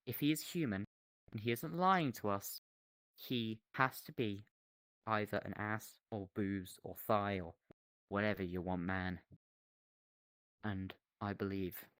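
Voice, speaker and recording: A man's voice: medium pitch, no echo. A young man rambling through an absurd mock lecture in a VR chat, on a headset mic. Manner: rambling, absurd, deadpan silliness.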